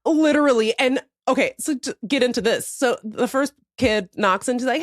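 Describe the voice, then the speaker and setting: A woman in her thirties co-hosting a podcast, telling stories in animated casual chat with swearing and laughter. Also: on the high side, fairly quick, few pauses, dry recording, studio quality. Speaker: podcast co-host.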